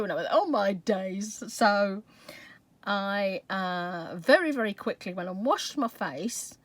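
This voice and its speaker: A woman's voice: medium pitch, a bit bright. A woman hosting a craft channel, telling viewers a story in a chatty way and laughing often.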